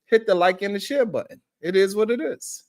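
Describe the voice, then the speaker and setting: A man's voice: high voice, a little fast. A man hosting a live-stream show, giving preachy commentary with frequent swearing and talking directly to his viewers. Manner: animated, preachy, swears often, talks to viewers. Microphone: streaming setup.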